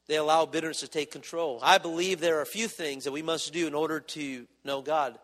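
High-voiced preacher in an echoing hall. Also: male voice, fairly even intonation, fairly quick, a bit bright. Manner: impassioned, rising and dropping in volume, acting out prayers. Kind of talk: sermon.

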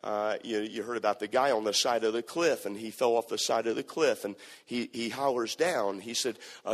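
A man's voice: mid-range voice, brisk, hardly any pauses. A man preaching a sermon, emphatic and repeating his key phrases. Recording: hall reverb.

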